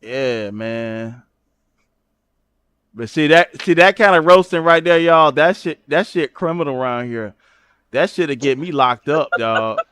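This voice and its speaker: A man hosting a livestream, roasting someone loudly and profanely, jumping into shrieking high tones to mock and often asking "you know what I'm saying". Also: lively intonation, unhurried, clear, resonant tone, dry recording. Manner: loud mocking roasting with shrieking high jumps. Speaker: livestream host. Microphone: streaming setup at a computer.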